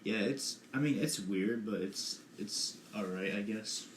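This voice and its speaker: A man's voice: on the low side, measured pace. A young man co-hosting a casual podcast, rambling and hedging as he talks, recorded in an echoey room. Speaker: podcast co-host. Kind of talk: casual chat. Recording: echoey room with faint noise.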